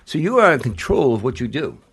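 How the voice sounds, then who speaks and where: A man's voice: mid-range voice, big pitch swings, fairly quick, vocal fry, a bit bright, breathy edge. An older man, a retired basketball coach, telling stories in a casual interview, blunt and rambling, with frequent restarts and salty language.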